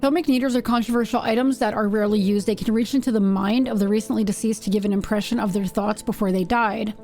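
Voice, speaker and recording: A woman's voice: medium pitch, steady tone, fast talker, warm tone, faint music behind. A woman streaming a game live, chatting playfully with viewers and reading game text aloud.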